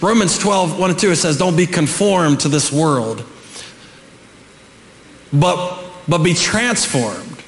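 A middle-aged man preaching a sermon as pastor, animated, building to shouts, with joking asides. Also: a little high, slow pace, pauses often, slight background noise. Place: church sanctuary. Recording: echoey church hall with long reverb.

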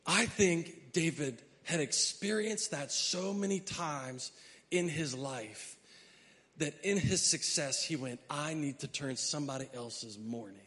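A man with a high voice preaching a sermon in a church sanctuary. He drifts between low, chatty asides and loud, stirring preaching, and reads scripture aloud with weight. Long reverb from the hall trails behind every phrase. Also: unhurried. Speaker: pastor.

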